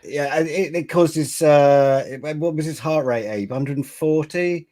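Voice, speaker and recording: A man's voice: fairly high pitch, measured pace, warm tone. A man in a casual podcast chat who rambles and hesitates with many fillers.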